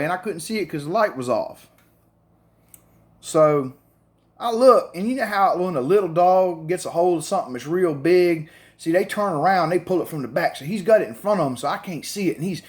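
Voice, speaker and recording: Profane rambling man. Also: fairly high pitch. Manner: profane, rambling, full of fillers. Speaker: storyteller. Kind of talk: casual spoken storytelling.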